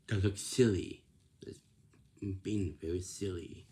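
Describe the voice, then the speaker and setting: A man's voice: on the low side, slow, gravelly, dark tone, breathy edge. A man giving casual workplace advice in a repetitive, scolding way, often checking with "right?". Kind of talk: casual instructive monologue.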